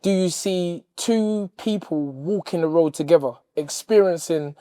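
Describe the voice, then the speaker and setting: A man's voice: fairly high pitch, measured pace, warm tone, dry recording, studio quality. A middle-aged man, a boxing coach talking earnestly about his fighter. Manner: earnest, reflective, with playful bickering. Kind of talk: interview and gym banter.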